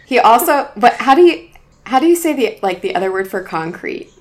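A woman from Arizona and the American South co-hosting a casual podcast chat, laughing often in a relaxed, joking way. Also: fairly high pitch, a little fast. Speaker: podcast co-host.

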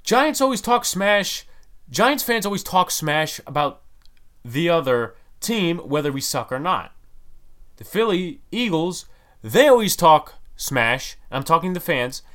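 A man's voice: a little high, sing-song, fairly bright tone. Guy ranting bout his team, fired up n exasperated, voice jumps all over the place. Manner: heated, exasperated, rapid rhetorical questions. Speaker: sports fan commentator. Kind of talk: ranting sports commentary.

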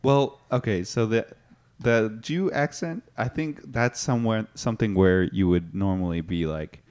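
Deadpan low-voiced man playing a teacher. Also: normal speed, clear, resonant tone. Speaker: mock improv teacher. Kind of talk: comedic improv sketch.

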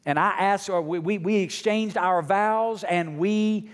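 A middle-aged male pastor preaching a sermon to his congregation, dropping to a hush and then rising almost to a shout. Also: sits high, a little slow, long reverb tail. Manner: swings from hushed to near shouting. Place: church sanctuary.

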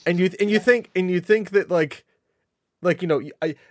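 A man's voice: high voice, moderate pace, no room sound. A man co-hosting a casual gaming podcast, rambling and self-mocking, often repeating words as he talks. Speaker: podcast co-host. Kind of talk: casual chat.

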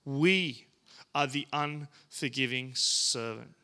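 A man preaching a sermon and reading scripture aloud, earnest and deliberate, with dramatic pauses and emphatic rises. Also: medium pitch, bright, forceful tone, clear, resonant tone.

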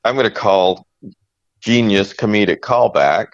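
Deep-voiced, gravelly male therapist co-host. Loose podcast chat, dry and dull lo-fi sound. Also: a little slow, dry recording. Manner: relaxed, joking, trails off mid-sentence.

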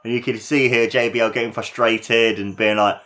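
Calling a wrestling match in casual, excitable play-by-play, this man speaks in a mid-range voice at normal speed. He gets louder and higher at big moves and drops the occasional swear word.

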